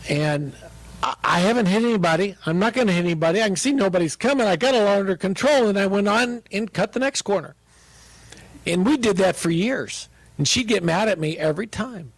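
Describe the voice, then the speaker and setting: A middle-aged male pastor telling a humorous personal story in a relaxed, conversational sermon. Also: sits high, brisk, dry recording.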